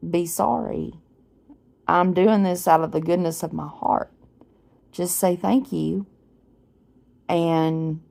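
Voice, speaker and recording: Lady in her 40s, low voice, kinda slow, rambly vlog chat, feeling sick. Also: a little mellow. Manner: rambling, chatty, with frequent restarts. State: unwell, clearing throat. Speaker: vlogger. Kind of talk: casual storytelling.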